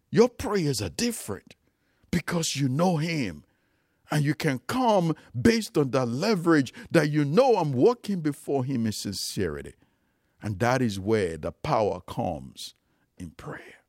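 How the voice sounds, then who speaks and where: A man's voice: mid-range voice, darkish tone, dry recording, studio quality. A man preaching a sermon, emphatic and rising and falling for emphasis, calling his listeners loved ones.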